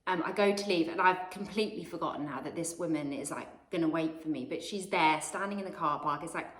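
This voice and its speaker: A woman's voice: sits low, fast, a bit bright. A woman with a British accent telling a personal story in a rambling, confessional way. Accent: British English. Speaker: vlogger. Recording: roomy echo.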